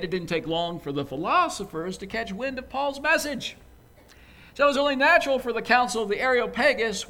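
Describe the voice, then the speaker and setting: A man delivers a sermon in a conversational, animated way, breaking off into asides for the congregation. His voice sits a little high and swings widely in pitch as he builds emphasis. He sounds like a pastor speaking in a church sanctuary.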